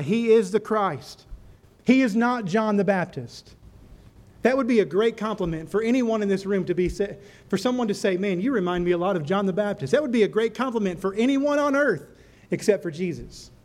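A man's voice: high-pitched, darkish tone. A man preaching a sermon to a live congregation as pastor, repeating rhetorical questions and telling a story to drive his point home. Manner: tells a story to make a point.

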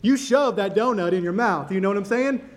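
High-voiced man preaching emphatically. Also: fairly quick. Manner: emphatic preaching, repeats and stresses key words, speaks directly to the congregation. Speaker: pastor. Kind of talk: sermon. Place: church.

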